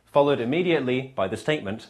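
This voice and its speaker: Male comedy host, English-sounding accent, wry punchy monologue, very animated pitch. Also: fast talker. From Australia. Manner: wry, punchy delivery with frequent laughs at own jokes.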